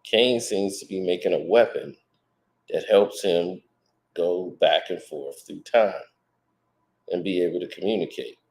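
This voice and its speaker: A man with a very low, deep voice talks through a movie trailer in loose, conversational commentary. He speculates as he goes and leans on fillers and restarts. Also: measured pace, long pauses, darkish tone. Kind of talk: casual commentary.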